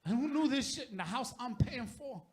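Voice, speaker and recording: A middle-aged man works a stand-up set into a handheld mic, his voice pitched very high and swinging all over the place. He swears freely and shouts his punchlines in a bright, forceful tone. Faint noise sits behind him. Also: expressive, moderate pace. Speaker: stand-up comedian.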